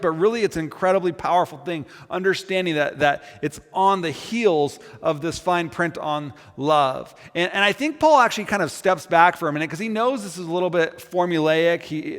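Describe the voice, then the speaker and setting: A man with a bright, high voice delivers a sermon. He speaks earnestly and often doubles back on words as he builds toward a point. His voice rings with the long reverb of a large hall. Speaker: pastor.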